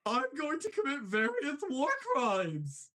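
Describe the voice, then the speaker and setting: A man doing a slow, gloating villain clown. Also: very high voice, wildly swooping pitch, bright, forceful tone, voice pushed up, exaggerated voice. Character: gleeful villainous male cartoon clown.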